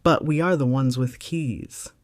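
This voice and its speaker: A composed woman attorney talks with quiet authority and measured firmness. A woman narrator voices her close to the mic, in a dry sound with no room around it. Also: very deep voice, no room sound. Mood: firm. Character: calm, no-nonsense woman lawyer.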